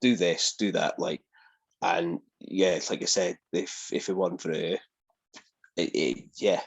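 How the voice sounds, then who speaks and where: A man, a wrestling guest, telling lively stories in a casual interview and acting out the people he quotes. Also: deep voice, unhurried, creaky, husky.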